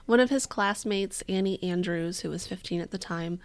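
This podcast co-host speaks in a lowish, clean voice at a moderate pace. Chatting casually, she recounts a true-crime story, cursing without restraint and performing the voices of those she quotes.

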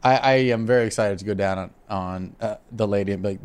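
A young man co-hosting a comedy podcast, joking around and slipping into quick voices for bits. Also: lowish voice, steady tone, darkish tone, clean tone. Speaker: podcast co-host. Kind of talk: crude comedic podcast banter.

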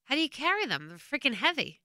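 A woman co-hosting a casual podcast chat, reacting quickly and laughing often. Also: sits high, sing-song, bright, forceful tone, no room sound, studio quality. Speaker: podcast co-host.

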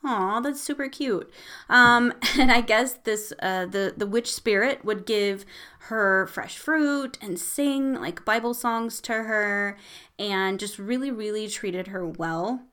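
A woman's voice: mid-range voice, takes it slowly, bright, forceful tone. A woman hosting a show, telling a spooky story in a casual, rambling way with lots of fillers and the odd curse. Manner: rambling and chatty, with frequent fillers and casual swearing.

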